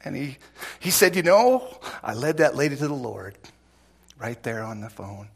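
Folksy storytelling preacher, bright voice. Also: male voice, medium pitch, normal speed, gravelly, breathy edge. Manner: folksy, animated, acts out voices in stories. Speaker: pastor. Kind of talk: sermon storytelling.

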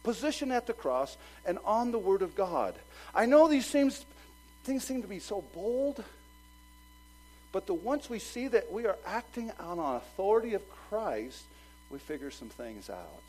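A male pastor preaching a sermon, swinging from loud urging to low, quick asides. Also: very animated, soft background music, poor audio.

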